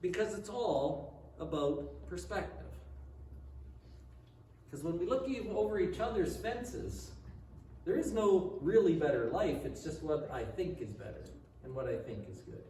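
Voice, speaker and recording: A man's voice: fairly high pitch, big pitch swings, a little slow, dark tone. A man pastor delivering a conversational sermon full of rhetorical questions. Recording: echoey hall, speaker far from mic, faint noise.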